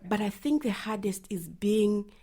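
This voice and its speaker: A woman's voice: medium pitch, a little slow, dark tone, husky. A woman, an advocate answering interview questions earnestly, often trailing into a near whisper at the ends of phrases. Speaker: reproductive health advocate.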